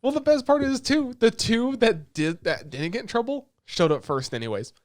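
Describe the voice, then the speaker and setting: A man co-hosting a podcast, excitedly retelling scenes in casual chat and swearing often. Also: very high-pitched, normal speed, dry recording, studio quality. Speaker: podcast co-host.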